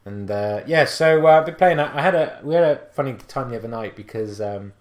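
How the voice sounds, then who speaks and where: West Country man, mid-pitched, chatty podcast co-host, rambles through stories with lots of restarts, echoey room. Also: brisk. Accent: West Country English. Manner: rambling, animated storytelling with many restarts. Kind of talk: casual chat.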